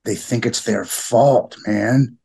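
Gravelly husky-voiced man, halting. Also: mid-range voice, darkish tone. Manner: halting, repeats words, heartfelt. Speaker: podcast guest. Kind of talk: emotional personal conversation.

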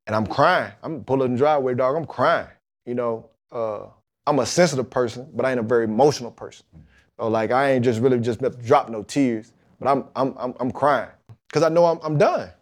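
A man, telling a lively, colloquial story in a podcast interview and acting out the people in it. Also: medium pitch, brisk. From Mississippi, USA. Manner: animated storytelling, colloquial, acts out the voices of the people in his story. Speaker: guest, football player.

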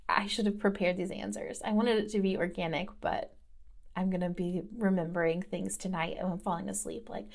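A woman's voice: fairly low pitch, fairly even intonation, a little fast, vocal fry. A woman in her thirties from the American South, hosting in a casual, rambling chat style with many fillers. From Southern United States. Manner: chatty and rambling, lots of "like". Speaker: host.

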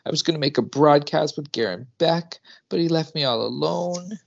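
Guy doing a high whiny baby genius, teary and stammery, lo-fi. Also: normal speed, gravelly. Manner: tearful, stammering, whining.

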